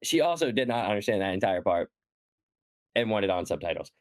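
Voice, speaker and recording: A man chatting casually on a podcast about a movie, pausing often with "um". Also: fairly low pitch, sing-song. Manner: hesitant, many "um"s, easygoing. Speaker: podcast co-host. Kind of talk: casual chat.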